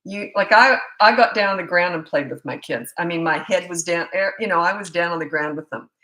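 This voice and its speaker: Bright-voiced chatty woman coach. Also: lowish voice, brisk, poor audio. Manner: chatty, storytelling, laughs often. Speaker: parenting coach. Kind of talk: live Q&A chat from home on webcam. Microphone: laptop webcam.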